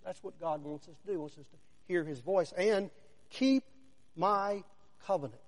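A man preaching a sermon, deliberate and emphatic, with long dramatic pauses and rhetorical questions aimed at the listener. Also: high voice. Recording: long hall reverb.

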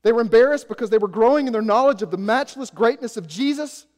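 Pastor guy from arkansas, 40s, self-deprecating stories, high-ish voice, church echo. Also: fast. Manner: storytelling, self-mocking, swings from soft asides to loud emphasis. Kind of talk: sermon. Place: church sanctuary. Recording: echoey hall.

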